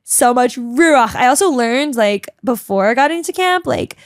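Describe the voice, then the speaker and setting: A chatty, dramatic young woman telling a casual vlog story, full of "like" and quick asides. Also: fairly high pitch, lively intonation, dry recording, clean studio sound. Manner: chatty and bubbly, heavy use of "like", dramatic; talks a lot, emotional. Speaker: vlogger.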